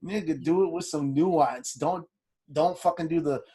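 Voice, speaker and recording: Profane, husky man telling stories. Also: on the high side, normal speed. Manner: profane, animated storytelling. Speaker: podcast co-host. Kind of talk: casual chat.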